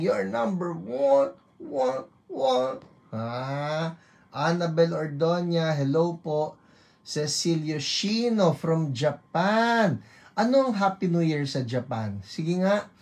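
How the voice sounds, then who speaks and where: A woman's voice: low voice, a little mellow. A woman with a Filipino accent hosting an online church program. She reads out viewers' greetings in a chatty, playful way, mixing English and Tagalog and trying out foreign greetings. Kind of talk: reading out viewer greetings, Taglish chat.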